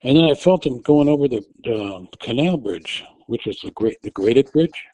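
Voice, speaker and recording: Man telling a story, mellow dry voice. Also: medium pitch, animated, dry recording, rough recording. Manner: relives the moment, shouting quoted directions loudly and urgently; halting, with restarts and fillers. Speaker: guest telling a personal story. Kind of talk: casual spoken storytelling.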